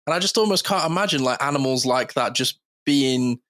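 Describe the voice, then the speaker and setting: Male podcast host, mid-pitched, loose and chatty, swears a lot, easy laughs. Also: lively intonation, a little fast, a bit bright. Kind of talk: casual podcast chat.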